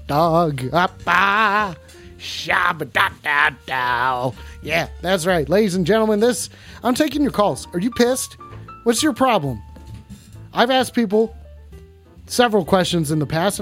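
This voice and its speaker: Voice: mid-range voice, natural voice. A streamer playing a swaggering hot-dog talk-show host. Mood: hammy. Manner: swaggering radio-host patter, drawls and scats. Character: hot dog hosting a late-night call-in show, brash and needy. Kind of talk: comic live-stream role-play.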